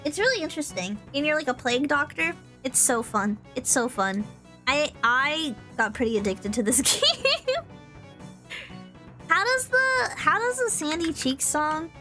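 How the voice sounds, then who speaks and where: A woman's voice: high-pitched, animated, unhurried, bright, forceful tone, soft background music. A young woman from Texas, a streamer, chatting casually and rambling with lots of fillers. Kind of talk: casual chat.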